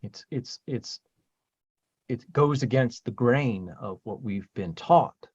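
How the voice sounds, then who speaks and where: A man's voice: slow pace, slightly rough, lo-fi sound. A man hosting a casual group talk as a spiritual teacher, emphatic and blunt, swearing freely. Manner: emphatic and profane, swings loud and high when stirred.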